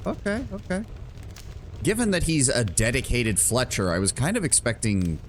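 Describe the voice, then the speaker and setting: A man's voice: medium pitch, big pitch swings, normal speed, slight background noise. A man streaming a game, talking through it in a rambling, profane, self-mocking way. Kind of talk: live game commentary.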